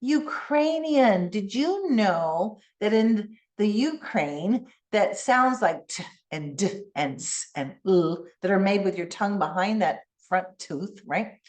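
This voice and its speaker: Animated woman giving a keynote lecture. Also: mid-range voice, slow. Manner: animated teacherly, asks audience to repeat sounds. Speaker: keynote speaker.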